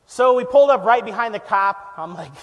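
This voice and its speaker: A man preaching, telling a self-deprecating story with lively energy and frequent laughter. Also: very high-pitched, fairly quick, in a large hall. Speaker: pastor. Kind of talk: storytelling sermon. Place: church.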